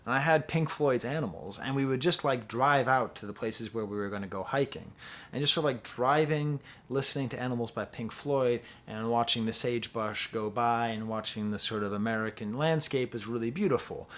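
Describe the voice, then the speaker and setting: A man reviews music in a loose, casual way, rambling from thought to thought with plenty of fillers and restarts. His pitch sits in an ordinary middle range. He now and then mocks his own reactions in playful voices. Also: fairly quick, a bit bright. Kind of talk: casual spoken album review.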